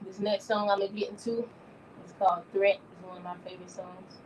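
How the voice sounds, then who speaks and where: A woman's voice: mid-range voice, brisk, lo-fi sound, slight background noise. A woman rapper talking between songs at a streamed festival show, energetically hyping up her audience. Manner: energetic, hypes the crowd, shouts call-outs. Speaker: rapper performing at a digital festival. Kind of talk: live performance banter with a streaming audience.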